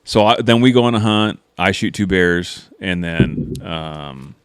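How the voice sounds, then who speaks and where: A man hosting a podcast who tells hunting stories casually, rambling and animated, and swears now and then. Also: low-pitched, unhurried, smooth, no echo. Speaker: podcast host.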